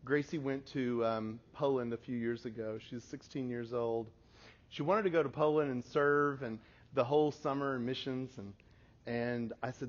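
A man's voice: mid-range voice, normal speed. Man telling a family story, muffled. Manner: animated, laughs at his own stories. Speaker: speaker. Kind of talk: storytelling talk to an audience. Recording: slightly muffled lo-fi recording.

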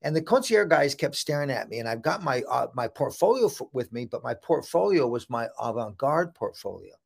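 A man's voice: medium pitch, a little fast, gravelly. A man talking as a guest in an interview, casually telling a story and acting out the voices of the people in it. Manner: lively storyteller who acts out quoted voices. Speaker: guest, hairdressing educator.

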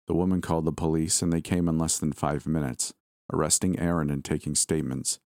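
A man narrates a first-person story in a steady, measured way. His voice is very low and deep, and the recording is close and dry, with no room sound. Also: no echo.

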